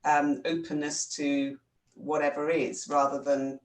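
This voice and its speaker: Halting woman in an echoey room. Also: deep voice, flat delivery, distant mic. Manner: thoughtful, halting, restarts phrases. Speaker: co-host. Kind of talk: casual reflective chat. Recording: echoey room, away from the mic.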